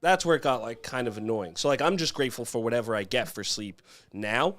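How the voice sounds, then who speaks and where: A man co-hosts a casual podcast chat in an easygoing manner, sprinkling in lots of likes and fillers. His mid-range voice is fairly bright with lively intonation, and he talks fairly quickly.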